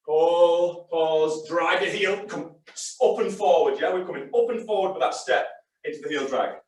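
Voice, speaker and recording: A man's voice: fairly high pitch, moderate pace. A male fitness instructor leading a live class, chatty and encouraging, calling short exercise cues. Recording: very echoey room, distant mic.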